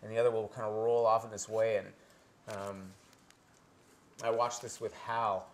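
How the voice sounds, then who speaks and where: A man's voice: fairly low pitch, flat delivery, measured pace, a little hiss or hum. A man from Canada giving a live presentation to an audience, earnest and searching, with many restarts.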